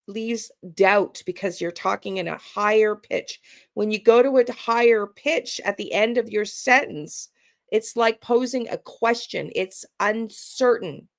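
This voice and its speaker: A woman's voice: mid-range voice, a little slow. Woman hosting a true crime talk. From Canada. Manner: explanatory, demonstrates intonation patterns. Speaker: true crime channel host. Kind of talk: casual panel discussion.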